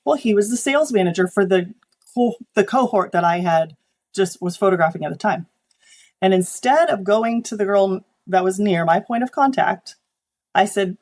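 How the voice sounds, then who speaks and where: A woman photographer chats as an interview guest, her pitch sitting right in the ordinary middle. She tells stories from her shoots with lively energy and briefly takes on the voices of clients and colleagues. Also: moderate pace. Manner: animated storytelling, acting out quoted people. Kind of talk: conversational interview.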